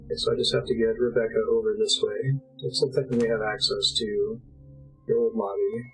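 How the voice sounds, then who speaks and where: A man's voice: lowish voice, level tone, a little fast, soft background music, rough recording. A young man streaming a game live, chatting with viewers as he plays and cursing at the game now and then. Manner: chatty, talks to chat while playing, swears at the game. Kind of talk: casual live-stream commentary. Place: home streaming setup.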